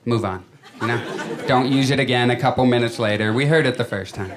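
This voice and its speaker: A man doing a stand-up comedy set on a club stage, telling stories in a chatty way and acting out his friends in quick voices. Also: mid-range voice. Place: comedy club stage before a live audience. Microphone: handheld stage mic. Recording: live club recording with loud crowd laughter.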